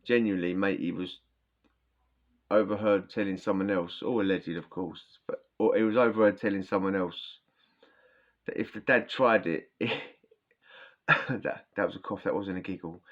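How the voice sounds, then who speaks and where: A man's voice: deep voice, fairly even intonation, moderate pace. A man telling prison stories in a rambling, slangy way, often restarting his sentences, with a sore throat. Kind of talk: casual storytelling. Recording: dull lo-fi sound.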